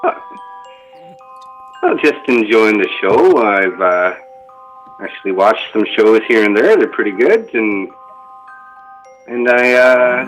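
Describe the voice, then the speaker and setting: A male caller speaks in a laid-back, hesitant way. His voice is mid-pitched, with faint music behind it. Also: a bit bright, poor audio. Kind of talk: casual phone chat.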